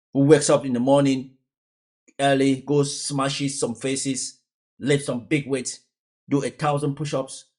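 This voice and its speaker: A man giving casual reaction commentary, emphatic and fond of repeated rhetorical questions. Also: fairly high pitch.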